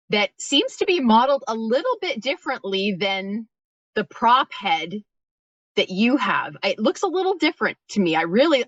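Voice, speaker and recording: A woman co-host asks a long, carefully hedged question. Her voice sits at a middle pitch, and the audio is muffled and lo-fi with a dry, close sound. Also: fairly bright tone, no echo. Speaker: podcast co-host. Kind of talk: casual interview questions.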